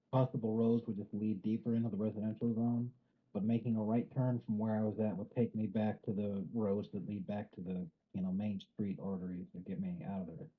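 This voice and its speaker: A man chatting on a game stream, telling stories in an animated, heavily profane way. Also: fairly low pitch. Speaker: co-player on a stream. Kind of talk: casual gaming chat. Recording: slightly muffled lo-fi mic.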